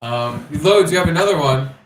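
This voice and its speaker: A man's voice: fairly high pitch, animated, moderate pace, background noise. A man hosting a podcast in casual chat, making crude jokes. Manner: crude, joking. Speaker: podcast host.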